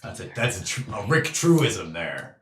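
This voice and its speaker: A man playing a tabletop game, joking in character and swinging between loud outbursts and mumbles. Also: on the low side, very animated, measured pace, a little hiss or hum. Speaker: player. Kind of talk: in-character tabletop role-play. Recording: echoey room, mic at a distance.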